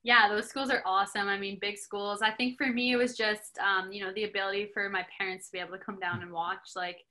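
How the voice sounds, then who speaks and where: A woman's voice: medium pitch, flat delivery, fast, pushed and bright. A young woman from Canada, a hockey player and podcast guest, chatting casually with many filler words. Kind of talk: casual interview chat.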